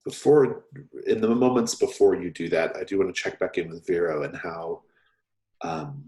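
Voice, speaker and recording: A man narrating as game master of a tabletop game, relaxed and quick to laugh. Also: deep voice. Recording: roomy echo.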